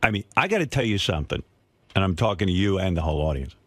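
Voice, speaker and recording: A man hosts a radio show in a low, grounded voice, telling stories with profanity and throwing in quick impressions. The sound is dry and close, right on a studio microphone with no room around it. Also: dry recording. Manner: animated storyteller, swears freely, mimics others in quotes. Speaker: radio host. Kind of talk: casual radio talk.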